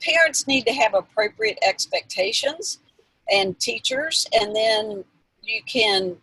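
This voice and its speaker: A woman's voice: fairly high pitch, expressive, takes it slowly, sharp tone, breathy edge, no room sound, low-quality recording. A woman guest expert explaining emotional skills in an earnest, instructive way, with restarts and fillers. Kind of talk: explanatory interview answers.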